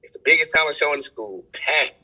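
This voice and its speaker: A young man telling stories in a casual podcast chat, animated and full of slang. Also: fairly high pitch, quick pace, husky, poor audio. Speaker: event host and promoter.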